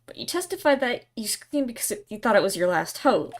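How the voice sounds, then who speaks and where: A woman's voice: a little high, big pitch swings, fairly quick, a little hiss or hum. A woman voicing Phoenix Wright, a young male defense attorney who keeps pressing a witness with incredulous questions.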